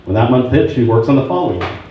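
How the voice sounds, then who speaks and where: A man's mid-range voice runs at a quick pace with lively intonation as he presents to real estate salespeople, recounting stories and acting out both parties on the phone. The setting is a meeting room, and the audio sounds far away, very echoey, muffled and dull, with faint noise.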